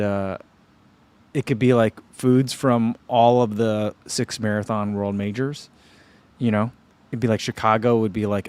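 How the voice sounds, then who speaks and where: Chill guy rambling thru viewer comments on his stream, kinda loose and chatty, dry sound, normal pitch. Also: a little mellow, dry recording. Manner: rambling, easygoing, many fillers. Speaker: running channel host reading live chat. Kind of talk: casual livestream chat.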